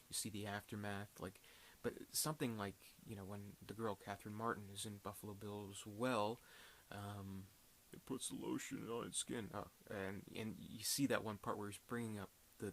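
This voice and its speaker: Male film reviewer, lowish voice, rambling casual delivery, light hiss on the track. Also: a bit bright. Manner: rambling, full of fillers and restarts.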